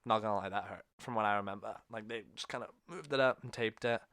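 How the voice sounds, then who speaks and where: Smooth-voiced podcast host, rambling. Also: male voice, fairly low pitch, quick pace, a bit bright, dry recording, clean studio sound. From England. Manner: rambling storyteller, self-correcting as he goes. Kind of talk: casual chat.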